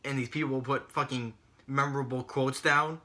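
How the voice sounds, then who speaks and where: A podcast co-host recapping wrestling rants on a casual talk show, exasperated and mocking, swearing often. His mid-range voice is bright and forceful, with fairly even intonation and a moderate pace.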